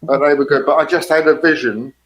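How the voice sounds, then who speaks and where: A man in his sixties, a guest telling casual, rambling stories with lively rises in pitch. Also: fast talker. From England. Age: 60s. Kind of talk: casual anecdotes.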